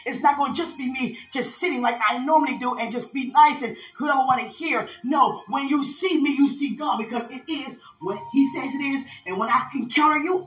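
A woman's voice: high-pitched, echoey room. A woman preaching a prophetic sermon, calling out to her listeners as she tells of a vision. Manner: fervent preaching, call-outs to listeners.

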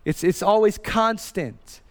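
A man's voice: high voice, takes it slowly. Guy in his 30s preaching, talks casual with lots of "like", echoey sanctuary with a long reverb tail. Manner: earnest, conversational preaching with frequent fillers and restarts. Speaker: pastor. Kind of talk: sermon. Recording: reverberant hall.

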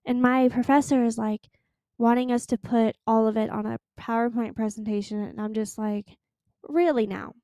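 A young woman telling a frustrated story in a casual podcast chat. Her voice is higher than most but mellow and dark, and it sits close and dry, with no room sound. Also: little pitch movement, normal speed, clean tone, no echo. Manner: exasperated, venting storyteller. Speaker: podcast host.

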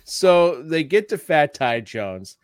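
This podcast co-host has a fairly high, sing-song male voice with a clean tone, and he takes his time. He chats casually while recapping a TV episode, laughing often and acting out quoted lines. The recording is dry.

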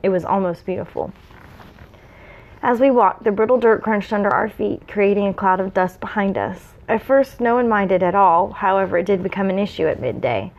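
A woman's voice: mid-range voice, normal speed, highs cut off. A woman reading fan fiction aloud, with small slips and asides. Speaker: reader.

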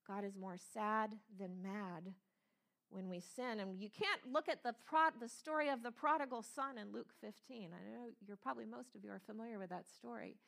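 A woman preaches with earnest emphasis. She repeats her key phrases and slows down on the words that matter most. Her voice sits at an ordinary, middle pitch for a woman. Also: vocal fry, a bit bright. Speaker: pastor, speaker. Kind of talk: sermon.

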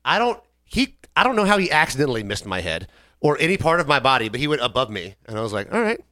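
A man's voice: medium pitch, quick pace, dry recording, studio quality. Man telling rambling bar stories. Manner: rambling, animated storytelling with acted quotes. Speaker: podcast co-host. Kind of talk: casual storytelling chat.

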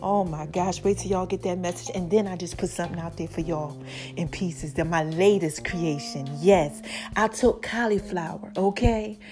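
A woman vlogger and podcast host chatting casually to her viewers, animated and talkative, tossing in "y'all" and "okay?". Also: lowish voice, moderate pace, faint music behind.

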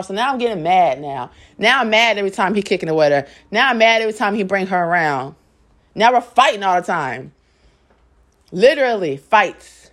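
Her medium-pitched voice is expressive and fairly bright, moving a little fast, as a young adult vlogger shares a personal story. She speaks bluntly and profanely, dramatizing what others said.

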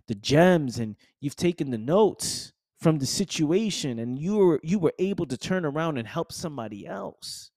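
A man's voice: mid-range voice, dark tone, no echo, studio quality. A man hosting a podcast, giving a passionate motivational monologue full of slang and repetition. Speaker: podcast host.

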